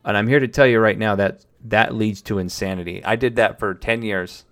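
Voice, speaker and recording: A young man with a lowish voice talks casually to his live chat, handing out dating advice. He is blunt and swears freely, speaking straight at the viewer. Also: fairly even intonation, a little fast, a bit bright. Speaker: livestream host.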